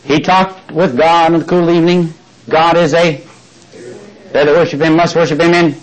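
A man's voice: on the high side, steady tone, normal speed, poor audio. An older man preaching a folksy sermon, often asking his listeners questions and reading scripture aloud. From Texas.

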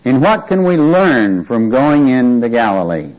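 A man's voice: medium pitch, big pitch swings, measured pace, darkish tone, poor audio. A man teaching a Bible study, reading scripture aloud with emphasis and often checking whether listeners follow him. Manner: asks the listeners questions often.

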